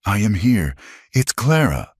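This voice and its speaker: A man's voice: on the low side, big pitch swings, unhurried, husky, no echo, clean studio sound, pitched above the performer's own voice, exaggerated voice. A man reading a determined frontier woman. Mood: urgent.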